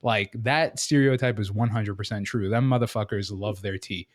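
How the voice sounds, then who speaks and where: A man's voice: on the low side, moderate pace, no echo, clean studio sound. A man from Brooklyn co-hosting a podcast in casual banter, joking and swearing freely. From Brooklyn, New York. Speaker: podcast co-host.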